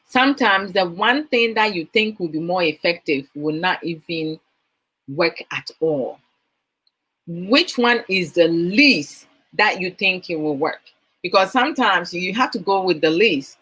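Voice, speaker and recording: A woman's voice: fairly low pitch, animated, a little slow, a bit bright, husky, rough recording. A woman with a Ghanaian accent, probably in her thirties, hosting a motivational talk. She asks her listeners questions as she talks and mixes in Twi phrases. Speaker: host.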